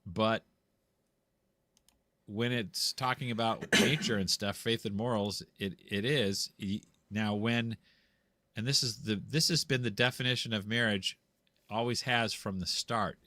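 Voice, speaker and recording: A man's voice: fairly low pitch, steady tone, a little slow, sharp tone, no room sound. A man on a video call from home, explaining church law in a casual, rambling way, full of restarts and repeated words. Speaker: guest explaining canon law. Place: home room with a green screen.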